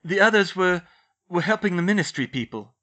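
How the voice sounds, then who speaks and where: A man's voice: high-pitched, animated, brisk, pushed and bright, pitched above the performer's own voice. A man voicing an anxious teenage schoolgirl witch who talks in a flustered rush. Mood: distraught.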